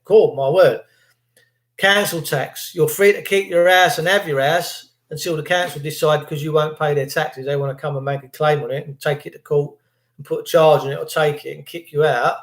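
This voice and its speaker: British guy ranting on a livestream, sarcastic, kinda high voice, echoey room. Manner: sarcastic, indignant, rambling. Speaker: livestream host.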